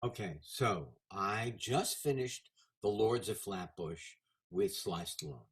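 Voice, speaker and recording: A man in his seventies, a guest in a casual interview, telling animated stories about his career. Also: fairly low pitch, takes it slowly. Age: 70s. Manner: animated anecdotal storyteller.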